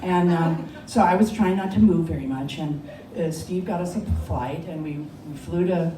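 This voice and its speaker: A woman's voice: low voice, moderate pace. A woman telling a personal story at a live story slam, conversational and often laughing. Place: bar lounge stage. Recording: echoey lounge, distant mic, background noise.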